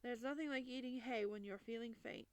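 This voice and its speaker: A woman voicing a fussy, excitable king in a storybook reading, with fretful, breathless exclamations. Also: fairly high pitch, brisk, no room sound, lightly acted.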